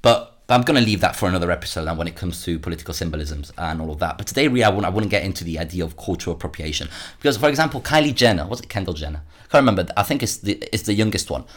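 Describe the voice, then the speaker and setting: A man's voice: deep voice, lively intonation, racing. A man hosting a solo commentary podcast, worked up and sarcastic, often repeating words as he rants. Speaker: podcast host.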